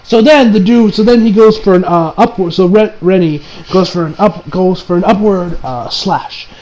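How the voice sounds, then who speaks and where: A man giving a casual recap and review of an anime episode, animated and exasperated, laughing and swearing as he talks. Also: sits high, moderate pace, poor audio.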